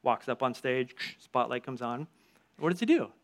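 A man leading a church group, giving a lively sermon with storytelling asides and strong shifts of emphasis. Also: medium pitch, moderate pace.

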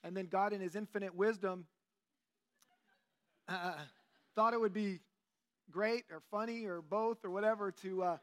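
A man nearing fifty leads a church group study with an easygoing, joking delivery full of fillers. His voice sits high for a man. He talks like he's chatting with friends while teaching. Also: moderate pace, long pauses. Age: 40s. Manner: relaxed, joking, conversational preaching with fillers. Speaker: lay teacher. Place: church meeting room.

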